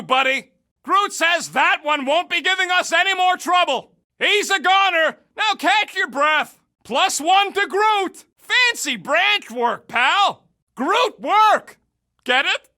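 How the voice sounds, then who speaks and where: An actor playing a gruff, wisecracking male raccoon gunner in a video game, yelling brash, sarcastic combat callouts. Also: extremely high pitch, full character voice.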